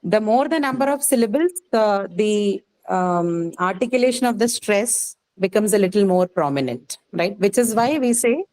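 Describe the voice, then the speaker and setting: A woman's voice: medium pitch, lively intonation, moderate pace, few pauses, darkish tone, poor audio. A woman teaching a class, explaining patiently with many fillers and checking questions. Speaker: English teacher. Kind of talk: live class lecture on word stress.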